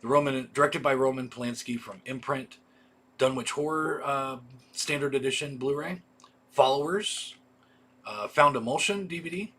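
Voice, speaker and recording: A man's voice: medium pitch, moderate pace, sharp tone, a little hiss or hum. A man hosting a casual livestream, reading off a list of titles with offhand asides. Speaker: video store host. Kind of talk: casual livestream product rundown.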